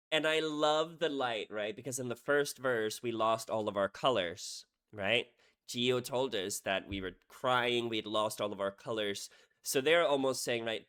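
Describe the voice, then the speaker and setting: A man reacting to a song, talking through its lyrics in an animated, emotional way and often checking in with "right?". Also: medium pitch, clean tone. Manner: animated, says "right?" often, swings between loud and hushed. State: emotional, head hurting. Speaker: music reaction creator.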